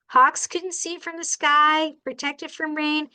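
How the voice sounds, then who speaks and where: A woman who rehabilitates birds, telling animated stories in a chatty talk to a club. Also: sits high, slow pace, rough recording. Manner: animated, acts out the people and birds in her stories; chatty, asks the audience "all right?". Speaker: bird rehabilitator giving a talk.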